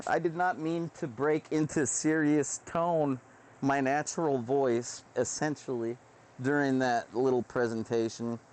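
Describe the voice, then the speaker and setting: A man's voice: fairly high pitch, darkish tone. A man in a rambling, profane, self-deprecating live-stream monologue, recorded indoors on a webcam setup.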